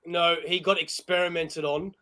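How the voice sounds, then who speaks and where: An Australian man with a notably high voice co-hosts a casual live chat show. He talks in excitable, rambling bursts and laughs at himself often. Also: moderate pace. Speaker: podcast co-host.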